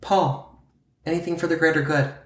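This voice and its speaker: A man's voice: a little high, fairly even intonation, moderate pace. Man from pittsburgh, podcast co-host, casual playful chat, lots of um and like, echoey room. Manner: playful, fillers like um and like.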